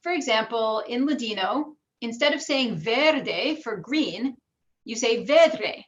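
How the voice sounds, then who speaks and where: A woman's voice: fairly high pitch, expressive, measured pace, fairly bright tone, slight background noise. Lecturing American woman, dull lo-fi sound. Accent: American with some New York vowels. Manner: explanatory, demonstrates pronunciations aloud. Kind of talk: academic lecture with slides. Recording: dull lo-fi recording.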